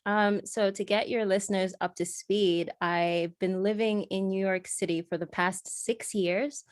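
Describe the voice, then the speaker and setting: A young woman's voice with an accent that drifts between British and American, recorded close and dry with no room around it. She is a podcast guest who tells her stories with energy and laughs easily. Her pitch sits in the middle range for a woman. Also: a little slow, dry recording. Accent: mixed British and American. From Zimbabwe, raised in London and Beijing. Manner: lively storyteller, laughs easily, acts out quoted voices. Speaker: guest actor. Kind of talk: casual podcast interview.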